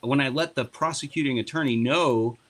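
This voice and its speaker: A man telling stories in a loose podcast chat, swearing freely and turning sarcastic. His voice is bright and forceful, at a middle pitch for a man. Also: brisk. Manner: profane, animated, sarcastic. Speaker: party board member and guest. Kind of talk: casual podcast storytelling.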